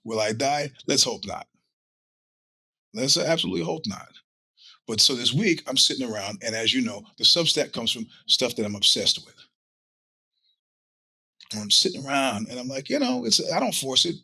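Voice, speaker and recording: A man's voice: medium pitch, lively intonation, normal speed, long pauses, sharp tone, husky, no room sound. A middle-aged man with a cold, hosting his show in a rambling, profane monologue. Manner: rambling, profane storytelling with acted-out quotes. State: sick with a cold. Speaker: podcast host. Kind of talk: casual monologue.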